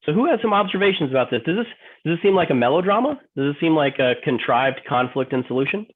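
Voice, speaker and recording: A man's voice: on the high side, animated, fast talker. A man teaching a sales workshop, putting questions to the group. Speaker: sales trainer. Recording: tinny phone-like line.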